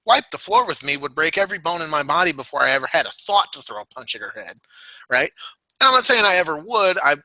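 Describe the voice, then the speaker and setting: Podcast guy, kinda high voice, rambly and blunt, lots of restarts. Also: bright, forceful tone, dry recording, rough recording. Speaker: podcast co-host. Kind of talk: casual wrestling podcast chat.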